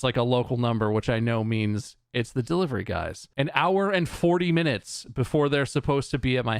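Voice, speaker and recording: A man's voice: mid-range voice, no echo, studio quality. A man hosting a podcast, telling an exasperated, sarcastic story in casual chat, swearing freely and laughing along the way. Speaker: podcast host.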